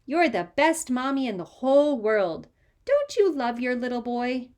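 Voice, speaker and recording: A woman doing a mischievous little boy from a storybook, all high, wheedling sing-song. He coaxes, sulks and chants his words, far brighter and higher than the grown-ups around him. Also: very animated, measured pace.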